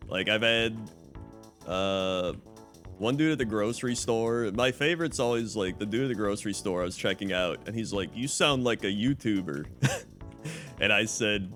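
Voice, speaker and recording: A man's voice: lowish voice, normal speed, soft background music. A man streamer chatting casually and telling stories, laughing often. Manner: laughs often, animated storytelling. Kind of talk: casual chat on a livestream.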